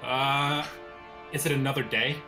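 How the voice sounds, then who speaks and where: A man's voice: mid-range voice, fairly even intonation, unhurried, music in the background. A man playing a tabletop game, chatting casually with laughing asides. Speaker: player. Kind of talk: casual chat at a gaming table.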